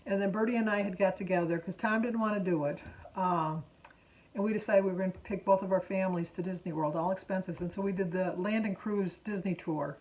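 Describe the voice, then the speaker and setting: A woman's voice: medium pitch, fairly even intonation, fairly quick, a little mellow, slight background noise. A woman in her sixties from Michigan, chatting casually to her viewers and telling rambling family stories, often stopping to correct herself. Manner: rambling, self-correcting storyteller. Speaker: vlogger. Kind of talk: casual chat.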